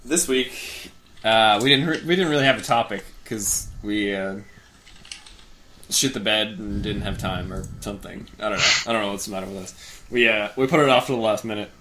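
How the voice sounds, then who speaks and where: A man's voice: lowish voice, normal speed, background noise. A man hosting a casual gaming podcast, rambling with fillers and restarts, cursing and laughing easily. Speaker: podcast host.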